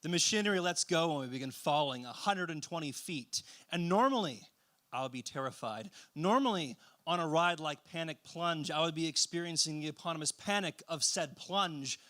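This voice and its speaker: A man's voice: on the high side, lively intonation, moderate pace, pushed and bright. A man telling a polished story at an open mic with wry, crafted phrasing.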